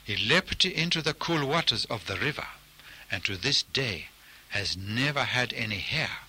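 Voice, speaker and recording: Slow, deliberate male storyteller. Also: mid-range voice, lively intonation, pushed and bright, breathy edge, poor audio. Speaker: narrator. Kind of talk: storytelling narration.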